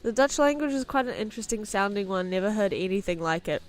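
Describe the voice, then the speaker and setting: A woman's voice: medium pitch, lively intonation, quick pace, no echo, soft background music. A young woman streaming as she draws, chatting casually, thinking aloud and playfully repeating words. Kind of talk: casual livestream chat while drawing.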